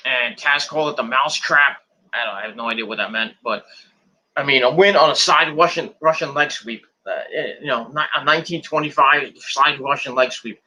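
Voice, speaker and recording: A man's voice: mid-range voice, brisk, pushed and bright, slight background noise. A man casually recapping a wrestling match move by move, rambling and repeating words as he goes. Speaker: wrestling show reviewer.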